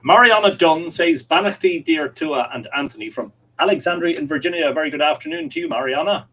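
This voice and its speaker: Very animated and talking a little fast, an Irish livestream host reads out viewer comments and replies to them from his home, where a window is open. His voice is a little high and fairly bright, slightly rough, and the desk mic he adjusts mid-stream gives poor audio.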